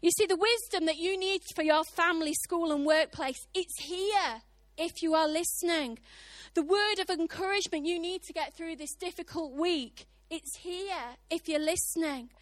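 A middle-aged British woman preaching a sermon, animated, acting out the voices of God and the people in her stories. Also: extremely high pitch, normal speed, dry recording. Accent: British English.

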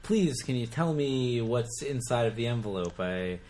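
A man voicing a curious male pope who pleads in a quiet voice. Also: mid-range voice, animated, moderate pace, slight background noise, close to an everyday voice. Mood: pleading.

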